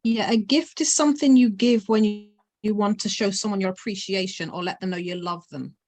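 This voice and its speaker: A woman answers on a video call in a gentle, earnest way. Her voice sits at a middle pitch. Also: a little fast. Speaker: workshop participant.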